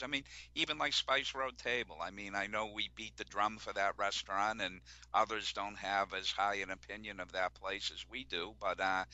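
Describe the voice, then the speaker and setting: A man's voice: on the low side, sharp tone, no echo, dull audio. A man co-hosting a casual chat, agreeable and full of "you know" fillers. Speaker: podcast co-host.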